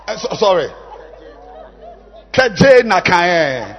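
A man, a bishop, preaching a sermon, shouting lines and leading the congregation in repeated call-and-response chants between quieter asides. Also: very high voice, wildly swooping pitch, extremely slow, pauses often, husky, big-room sound, some chatter behind.

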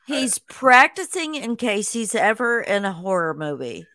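A woman host in casual chat, her mid-pitched voice dry and close with little room sound. She reacts with enthusiasm and quick laughs. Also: very animated, sharp tone, no room sound. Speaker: podcast host.

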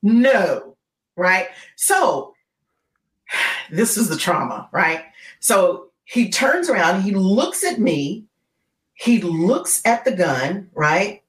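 A woman guest on a podcast interview, telling a dramatic story in an animated way and often checking in with "right?". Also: mid-range voice, very slow. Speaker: guest, keynote speaker. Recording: roomy echo.

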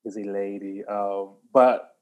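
A man's voice: lowish voice, steady tone, takes it slowly, mellow. A man hosting a podcast, upbeat and encouraging, talking casually with many fillers. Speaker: podcast host. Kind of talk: casual interview chat.

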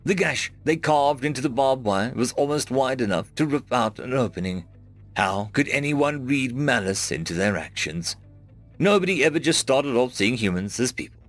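Man narrating a sci-fi story, lively pitch. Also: normal speed. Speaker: audiobook narrator. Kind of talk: scripted first-person sci-fi narration. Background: faint background music.

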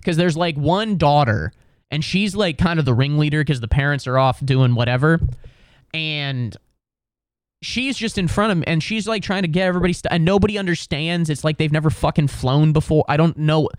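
A man's voice: fairly high pitch, animated, a little fast, dry recording. A young American man, a comedian and podcast host, telling a long comedic story in a rambling, sarcastic way. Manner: rambling, full of "like" and restarts, with sarcasm.

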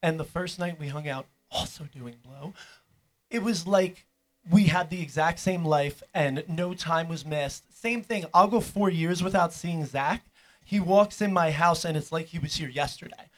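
A man's voice: a little high, normal speed, a bit bright. A young man telling a rambling, profane story in casual chat with a friend.

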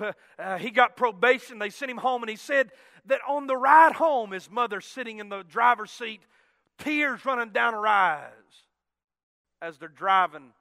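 A man preaching a sermon, telling a conversion story, swinging from loud emphatic peaks to hushed asides. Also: sits high, no room sound, studio quality, in a large hall.

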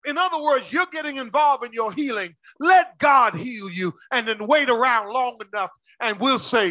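High, bright-voiced preaching man. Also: normal speed, few pauses, no echo. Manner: impassioned preaching with call-and-response; swings between shouts and low asides. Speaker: pastor. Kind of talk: sermon.

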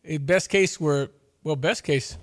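A man's voice: on the high side, unhurried. A man hosting a casual sports talk radio show, rambling a little and restarting his sentences.

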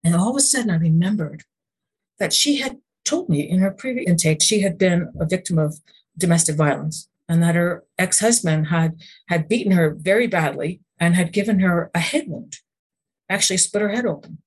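Earnest husky-voiced woman telling stories. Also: on the low side, moderate pace. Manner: earnest storytelling, many restarts and rhetorical questions; faith-based, speaks of God and the Lord. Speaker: guest, emotion code practitioner. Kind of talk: conversational podcast interview.

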